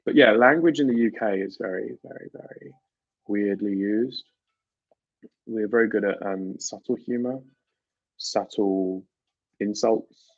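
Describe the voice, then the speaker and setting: On a livestream, a British host from the United Kingdom banters casually with his live audience, laughing a lot. He speaks on the low side, a little slowly and with frequent pauses; the recording is muffled with no room sound.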